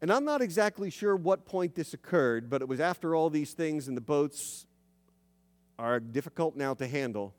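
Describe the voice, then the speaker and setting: Storytelling preacher in a reverberant hall. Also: male voice, fairly high pitch, lively intonation. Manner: conversational storytelling, dramatic slowdowns. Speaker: pastor. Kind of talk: sermon. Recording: long reverb of a large hall.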